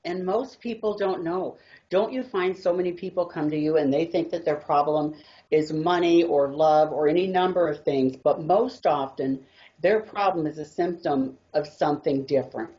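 A woman's voice: low voice, moderate pace, dark tone. A woman guest talking about tarot, earnest and a little rambling as she tells her stories. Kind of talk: casual chat about tarot. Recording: dull lo-fi audio.

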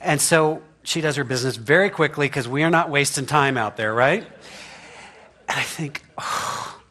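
Pastor, male, slightly higher voice, folksy humorous sermon delivery with frequent laughs and rhetorical "right?". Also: moderate pace, bright, forceful tone. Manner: chatty and humorous, laughs often, asks "right?". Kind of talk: conversational sermon. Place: church sanctuary.

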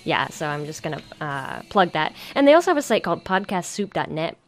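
A woman's voice: low-pitched, very animated, a little fast, soft background music. A woman co-hosting a casual podcast, giggly and rambling, with many fillers. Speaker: podcast co-host.

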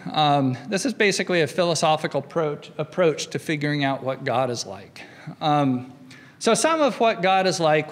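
The long reverb of a lecture hall surrounds a middle-aged man whose voice is a little high and fairly bright. He gives a university philosophy lecture in a chatty way, frequently checking in with "right?"

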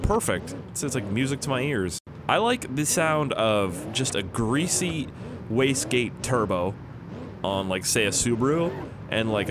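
Gaming YouTuber, young adult man, lowish voice, rambling excitable commentary with swearing, engine noise under it. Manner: rambling, excitable, swears, yells when the car crashes. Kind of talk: casual gameplay commentary. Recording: noisy game audio behind the voice. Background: car engine sounds from the game.

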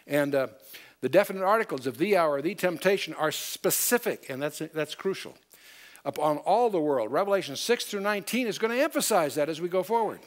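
Male Bible teacher, lecture style, explanatory, quotes scripture, somewhat high-pitched voice. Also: expressive, fairly quick. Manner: explanatory, quotes scripture in old English wording. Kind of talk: Bible study lecture to a group.

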